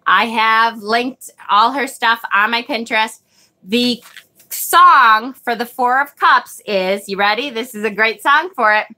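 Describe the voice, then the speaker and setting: A woman's voice, a little high, bright and forceful, moving at a measured pace. Hosting a live tarot stream, she reads viewers' comments in a chatty, scattered manner, often drifting off and cursing casually when irritated.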